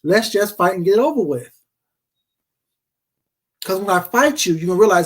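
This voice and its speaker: High-pitched guy cussing folks out on his vlog, combative and fired up. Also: animated, moderate pace, pauses often. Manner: profane, confrontational, combative. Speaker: vlogger. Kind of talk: casual rant to camera.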